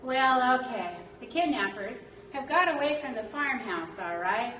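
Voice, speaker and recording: A woman telling a history story in a lively way, acting out the quotes and using lots of fillers. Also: on the high side, measured pace. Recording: echoey room, distant mic, faint noise.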